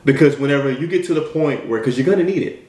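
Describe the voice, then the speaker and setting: A man's voice: fairly high pitch, quick pace, darkish tone. A man giving an emphatic motivational talk, full of repeated rhetorical questions. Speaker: motivational speaker. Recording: echoey room.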